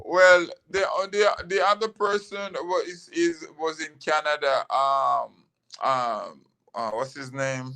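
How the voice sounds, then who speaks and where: A man with a gravelly, bright voice, talking as a guest in a casual interview. He tells his stories in a loose, rambling way and leans on fillers. His voice has a worn, rough grain. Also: on the high side, takes it slowly. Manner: relaxed, rambling storytelling with fillers. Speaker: guest, former boxer.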